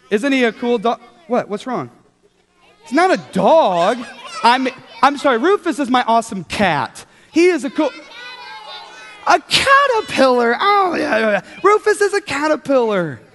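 A young man with a high, lively voice leads a children's sermon in a big church hall, upbeat and coaxing the kids to join in. His voice rings with a long reverb around the room.

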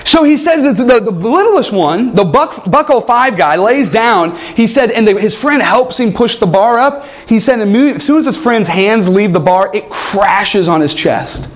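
A man's voice: sits high, unhurried, few pauses. A man preaching a sermon, telling a funny story and breaking into acted quotes before making his point. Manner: animated, jokey, shifts into loud acted quotes.

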